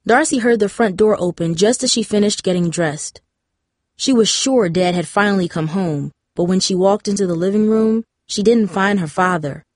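A woman narrating a novel in a measured, steady storytelling manner. Her voice sits at a middle pitch. The close studio mic keeps it dry, with no room sound. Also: dry recording. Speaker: audiobook narrator. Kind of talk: scripted narration.

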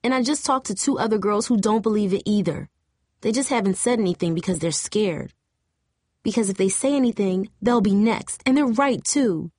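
A woman's voice: medium pitch, animated, moderate pace, mellow, no echo, studio quality, lightly acted. A woman reading an audiobook, voicing a loyal, plain-spoken teenage girl who talks in earnest, casual slang. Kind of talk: audiobook character voice.

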